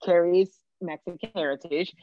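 A woman's voice: on the low side, steady tone, moderate pace, muffled recording. A woman hosting a podcast, talking earnestly in long winding sentences in casual pop culture chat. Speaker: podcast host.

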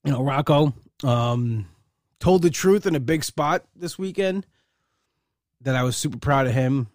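A man's voice: mid-range voice, a little slow, a little mellow, no echo. Rambling man, dry close sound. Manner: rambling, many fillers and restarts; heartfelt, proud. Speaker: uncle and godfather. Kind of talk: casual personal monologue.

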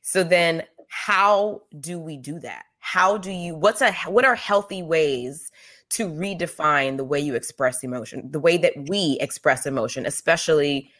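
Low-voiced woman telling personal stories. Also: measured pace, fairly bright tone. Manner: emphatic, storytelling with many restarts. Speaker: podcast co-host. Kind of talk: candid conversational chat.

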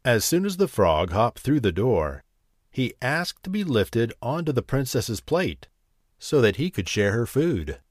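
A man hosting a bedtime story channel, reading a fairy tale gently. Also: mid-range voice, very animated, unhurried, no echo, studio quality. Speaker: storyteller host.

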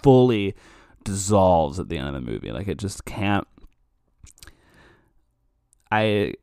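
His low, dark voice swings widely in pitch and carries vocal fry, moving at a slow pace. He's a man giving a podcast film review that rambles, curses often and keeps cutting itself off, recorded smoothly in studio quality with no room sound.

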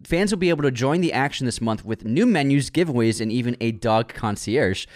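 A man's voice: medium pitch, animated, brisk, a little mellow. A man co-hosting a movie news podcast, reading out news items and bantering playfully when teased. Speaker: podcast co-host. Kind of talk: casual movie news chat.

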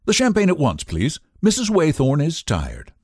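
A man's voice: a little high, wildly swooping pitch, normal speed, a little mellow, slightly rough, no room sound, clean studio sound, voice pushed up, heavily acted. Tense upper-class husband, clipped and impatient, read by a male narrator.

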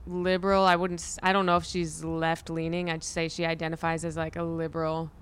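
A young woman in casual conversation with a smooth, resonant voice sitting a bit low. She rambles through her stories, swears freely and laughs along as she goes. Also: completely flat delivery, brisk. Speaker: comedian and podcast host. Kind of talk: casual chat.

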